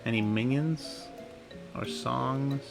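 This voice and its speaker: A man's voice: medium pitch, slow, vocal fry, over music. A man casually thinking aloud while playing a video game. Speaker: gamer. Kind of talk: casual gameplay commentary.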